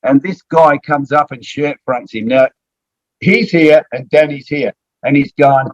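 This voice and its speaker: A man's voice: medium pitch, unhurried, no echo, highs cut off. An Australian man hosting an interview, telling long anecdotes casually with plenty of fillers. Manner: rambling anecdotal storyteller with fillers. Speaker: interview host, former wrestler.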